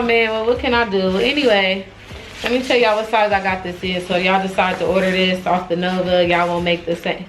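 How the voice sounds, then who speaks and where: A young woman chatting casually, expressive and exclaiming, talking straight to viewers. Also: mid-range voice, a little fast, soft background music, rough recording. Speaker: fashion vlogger. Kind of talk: casual try-on haul chat.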